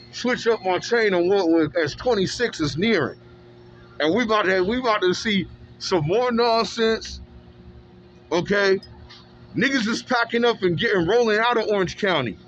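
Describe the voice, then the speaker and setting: A man's voice: sits high, expressive, normal speed, a bit bright, muffled recording, slight background noise. A man in an emphatic, repetitive, slangy street monologue, recorded outdoors. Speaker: street vlogger.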